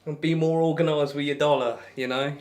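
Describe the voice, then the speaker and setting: A man's voice: fairly high pitch, fairly even intonation, brisk, a little mellow. A man chatting casually on a live stream, reading out viewer comments and bantering between darts throws in a rambling, friendly way. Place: home room while throwing darts.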